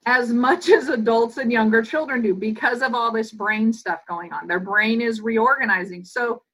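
Woman guest expert, lively explainer with a bright, slightly high voice. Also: poor audio. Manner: animated, fast-flowing explanations that act out quoted voices. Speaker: guest psychologist and educator. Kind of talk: podcast interview.

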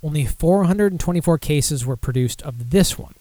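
A man's voice: a little high, expressive, normal speed, mellow, dry recording. A young man hosting a casual podcast, rambling and self-deprecating with lots of fillers while running through beer news. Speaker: podcast host.

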